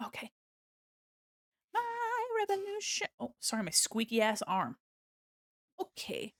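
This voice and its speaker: A young woman chats away with her viewers while she draws on a live stream, bouncing from topic to topic with playful asides. Her voice leaps around a lot in pitch. The sound is dry and close from a desk mic at home. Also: wildly swooping pitch, measured pace, fairly bright tone, dry recording. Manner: chatty, playful, drifts into hums and silly sounds. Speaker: art streamer. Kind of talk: casual live-stream chat while drawing. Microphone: desk mic on a mic arm.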